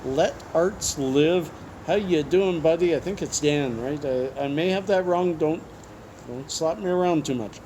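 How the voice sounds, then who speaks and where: A man hosts a relaxed interview, reading viewer questions aloud and tossing in jokes and asides as he goes. His voice sits a little higher than most men's. A faint hiss of noise sits under it. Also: a little slow. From Canada. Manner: chatty and joking, with frequent asides. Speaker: YouTube host.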